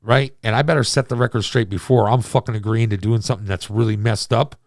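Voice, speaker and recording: Forties guy, gravelly, dry close sound; rambling and profane storyteller. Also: lowish voice, fairly even intonation, fast, dry recording. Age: 40s. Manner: rambling, profane, self-deprecating. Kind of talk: casual storytelling monologue.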